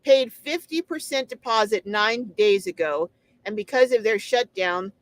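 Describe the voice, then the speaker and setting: A woman's voice: medium pitch, unhurried, poor audio. A middle-aged woman hosting a casual live stream, reading viewer comments aloud and answering them with chatty exclamations and frequent ums.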